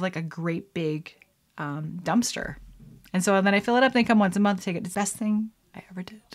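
A woman's voice: fairly low pitch, fairly bright tone. Chatty woman podcast host, rambling. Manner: chatty and rambling, frequent laughs and fillers. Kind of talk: casual solo podcast chat.

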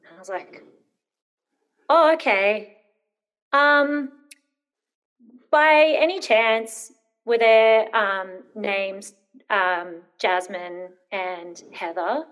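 A woman's voice: mid-range voice, very slow, long pauses, fairly bright tone. A woman in her thirties, an interview guest telling a personal story, hesitant with many ums and rambling when nervous.

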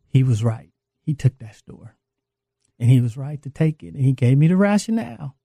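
A man tells his faith testimony in an earnest, confessional way. He speaks slowly, in a mellow voice with a gravelly edge. The sound is dry and close. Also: on the high side, dry recording. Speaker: guest sharing a recovery testimony.

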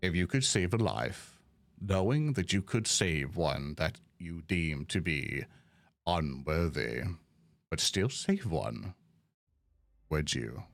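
A man voicing a formal, scheming male noble who speaks in a low, measured tone. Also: sing-song, vocal fry, no room sound, studio quality, full character voice.

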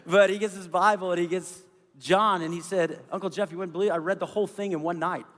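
A middle-aged man preaching as a pastor, telling a story in an earnest, animated way. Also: high-pitched, fast talker. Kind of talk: sermon. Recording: long hall reverb with faint music.

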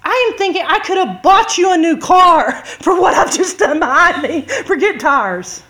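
A woman preaching a sermon, telling a story with lively drama and acted-out shouts. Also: very high voice, normal speed.

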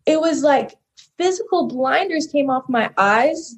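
A woman's voice: high voice, lively intonation, measured pace. Young woman guest with a slightly raised voice, candidly recounting a personal story in a loose, rambling way. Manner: earnest, rambling, heavy use of "like" and "so". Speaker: podcast guest.

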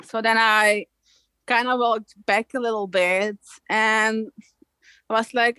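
A woman's voice: fairly high pitch, level tone, slow, bright, forceful tone, dry recording, poor audio. Young woman from belgium chatting, laughs a lot, acts out quotes, dry close sound. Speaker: guest surfer. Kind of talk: casual storytelling.

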